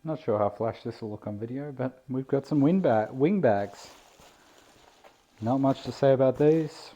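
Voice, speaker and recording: A man's voice: medium pitch, unhurried, mellow. A man giving a laid-back, self-deprecating unboxing commentary on a model plane, indoors on a camera mic. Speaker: RC plane hobbyist vlogger. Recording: dull lo-fi camera audio.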